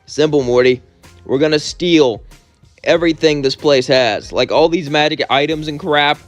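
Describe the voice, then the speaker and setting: A man's voice: a little high, normal speed, no echo, faint music behind, natural voice. A man voicing a cranky, dismissive old genius scientist grandfather in a fan-told story. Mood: scheming. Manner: burps, brushes others off.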